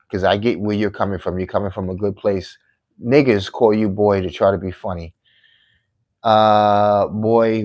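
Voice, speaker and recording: New york guy going off on a livestream, preachy, drops low then gets loud. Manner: preachy and heated, swings from low murmurs to loud rants. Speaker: livestream host. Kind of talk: casual livestream monologue reading chat.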